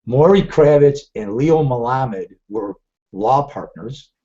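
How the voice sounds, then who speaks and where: A man's voice: medium pitch, animated, takes it slowly, warm tone. A middle-aged man hosting a live trading webcast, drifting from one story to the next. He restarts his sentences often and rambles freely. The audio is dull and lo-fi. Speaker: trading show host.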